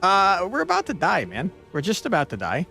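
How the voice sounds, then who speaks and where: Man, gameplay commentary, exasperated, swearing, gravelly, very animated pitch. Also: a little fast, faint music behind. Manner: exasperated, swears and yells at the game. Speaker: streamer.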